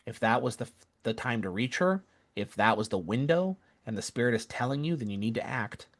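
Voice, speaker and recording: A man's voice: medium pitch, lively intonation, fairly quick. A man telling a missionary story with an earnest, casual manner, often correcting himself mid-sentence. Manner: earnest, self-correcting, acts out quoted voices.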